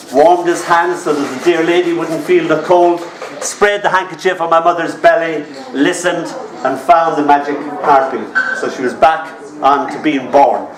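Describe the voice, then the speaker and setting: A man in his fifties with an Irish accent, telling comic stories and teasing his audience in a wry, chatty way. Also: a little high. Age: 50s. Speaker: storyteller. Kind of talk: live comic storytelling. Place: bar. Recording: roomy sound from a distant mic.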